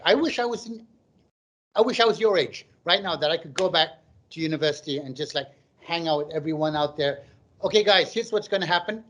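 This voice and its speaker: Chatty middle-aged comedian, higher voice. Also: male voice, a bit bright. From Malaysia. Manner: chatty, jokey, reads out viewers' comments. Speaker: stand-up comedian. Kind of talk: stand-up comedy on a live online stream.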